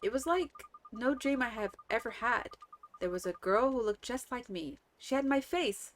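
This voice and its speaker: A woman lifts her voice into a little village girl, soft and full of wonder. The girl's voice sits noticeably higher than the reader's own, with a faint hiss in the background. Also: expressive, normal speed, close to an everyday voice. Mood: wistful. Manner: gentle, wondering.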